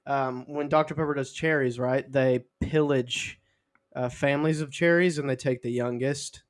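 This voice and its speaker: A man's voice: mid-range voice, fairly even intonation, moderate pace. A young man co-hosting a podcast, chatting casually and acting out silly made-up scenes. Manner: goofy, riffing, acts out silly scenes. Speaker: podcast co-host. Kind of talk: casual chat.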